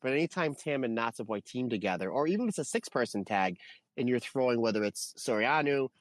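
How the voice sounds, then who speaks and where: A man co-hosting a podcast, talking through wrestling matches in a rambling, animated way. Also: medium pitch, quick pace, no echo. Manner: rambling, animated, lists names. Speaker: podcast co-host. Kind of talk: casual wrestling review chat.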